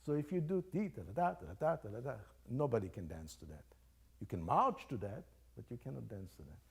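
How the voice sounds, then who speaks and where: A man's voice: medium pitch, very animated, brisk, creaky, breathy edge. An older man leading a music master class, coaching young players and singing phrases aloud to show them. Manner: sings phrases aloud to demonstrate, encouraging and playful. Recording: faint music behind the voice. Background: chamber music playing.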